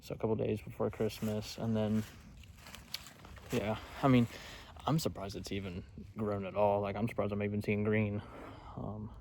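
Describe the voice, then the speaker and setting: A young man rambling in a laid-back way, often keeping his voice low, in a casual outdoor hunting vlog. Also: flat delivery, moderate pace, darkish tone. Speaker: hunting vlogger. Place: outdoors in woods by a food plot. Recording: outdoor noise behind. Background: outdoor noise.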